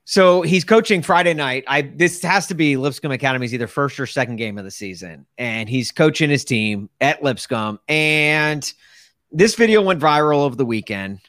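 An excitable man from Tennessee, co-hosting a casual sports podcast, laughing often and talking with lots of "like". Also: medium pitch, normal speed, no room sound, clean studio sound. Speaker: podcast co-host.

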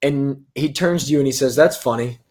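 A man's voice: mid-range voice, fairly even intonation, brisk, a little mellow, a little hiss or hum. A man hosting a comedy podcast, walking his friends through a made-up scenario step by step. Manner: patient, setting up a scenario step by step. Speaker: podcast host. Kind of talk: casual comedic chat.

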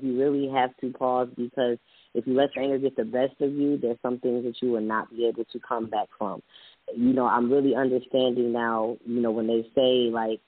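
A man co-hosting a casual talk show, talking reflectively and reading short quotes aloud, sometimes in quick bursts. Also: mid-range voice, husky, no room sound. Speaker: podcast co-host. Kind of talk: casual chat with read-out quotes. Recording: tinny phone-like dry sound.

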